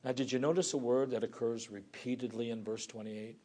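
A male pastor preaching a sermon earnestly, swinging from forceful emphasis down to hushed, near-whispered lines. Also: mid-range voice, steady tone, brisk.

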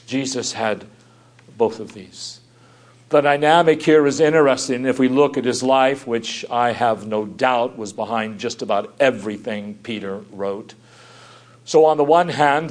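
A man preaches a sermon in a mid-range voice. He builds to loud, emphatic rises, then falls back to soft, quiet lines. He often puts rhetorical questions to his listeners. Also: medium pitch.

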